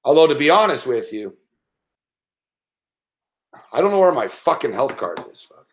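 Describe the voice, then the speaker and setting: A man's voice: mid-range voice, big pitch swings, moderate pace. A man hosting a late-night sports betting show, ranting casually and swearing constantly as he rambles. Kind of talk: late-night live stream rant.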